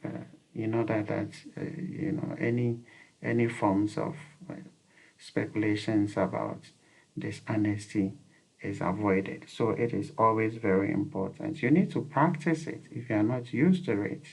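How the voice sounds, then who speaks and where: A man's voice: on the low side, steady tone, measured pace, creaky, darkish tone, husky, low-quality recording. A man giving earnest, repetitive advice on visa interviews, with frequent fillers. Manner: earnest, repeats key points, frequent fillers. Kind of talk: instructional talk to camera.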